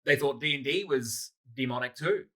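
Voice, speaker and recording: A man co-hosting a casual comedy podcast, playful and quick to riff on a joke. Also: medium pitch, pushed and bright. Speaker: podcast co-host.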